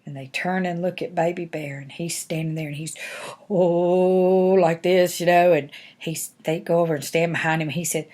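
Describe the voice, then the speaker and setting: An older woman, a grandmother, telling a bedtime-style fairy tale to her grandchildren in a folksy, animated, homespun way. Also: sits low, fairly quick, hardly any pauses. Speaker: grandmother reading stories. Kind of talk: storytelling to grandchildren.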